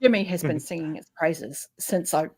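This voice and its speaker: A woman's voice: on the low side, moderate pace, darkish tone, husky. Booktube host, woman, New Zealand accent, chatty and enthusiastic, on a video call. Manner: chatty and enthusiastic, laughs easily. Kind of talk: casual video chat.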